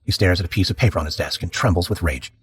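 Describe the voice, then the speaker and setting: Male narrator, low voice, quick delivery, dramatic scripted podcast storytelling. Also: breathy edge.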